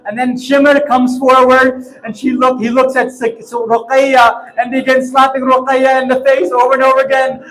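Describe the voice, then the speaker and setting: A man's voice: very high voice, monotone, normal speed, few pauses, a bit bright, poor audio. A man giving a mourning sermon, telling the story through tears, impassioned and sobbing. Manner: tearful, impassioned storytelling, breaking into sobs. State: crying. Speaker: preacher.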